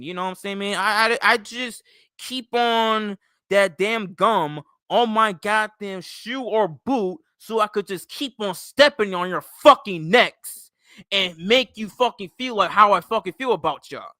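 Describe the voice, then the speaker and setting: High, bright-voiced man on a profane rant. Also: no echo. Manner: heated, profane, repetitive, mocking. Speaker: comedic ranter.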